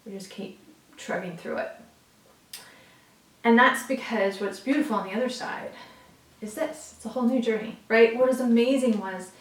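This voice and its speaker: A woman's voice: a little high, moderate pace, long pauses, distant mic. A woman giving a casual, heartfelt tarot reading straight to her viewers, earnest and at times emotional, swearing now and then. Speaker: tarot reader. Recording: roomy and off-mic.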